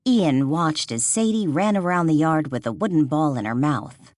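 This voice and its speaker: A woman narrating an audiobook with expressive storytelling. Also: low-pitched, normal speed, few pauses, dry recording, studio quality. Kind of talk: scripted narration.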